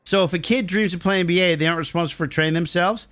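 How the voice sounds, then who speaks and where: A man's voice: sits high, fast, fairly bright tone, dry recording, studio quality, soft background music. A middle-aged man streaming a game and answering his chat, ranting bluntly and swearing freely. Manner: blunt, profane, riled-up ranting.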